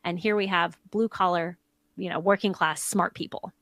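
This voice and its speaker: A woman in her thirties reviewing films in a casual, enthusiastic chat, full of quick asides. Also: fairly low pitch, fairly even intonation, fairly bright tone, dry recording. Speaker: film reviewer guest.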